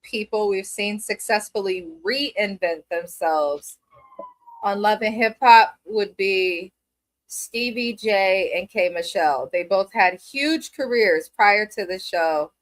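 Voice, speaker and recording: A woman giving blunt, opinionated, profane commentary while reviewing a reality TV episode. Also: mid-range voice. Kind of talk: casual commentary.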